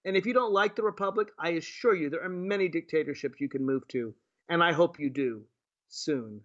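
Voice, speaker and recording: Speaking a little fast in a voice on the high side, a man who serves as a state delegate runs a livestream of sarcastic takes on clips he plays. He fires off rhetorical questions throughout, over dull lo-fi stream audio.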